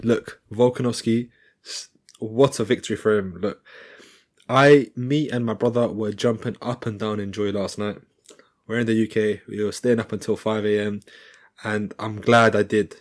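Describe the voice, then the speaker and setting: A man's voice: on the low side, steady tone, moderate pace. A young man giving loose, jokey fight commentary at home, rambling and slangy. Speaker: fight recap vlogger.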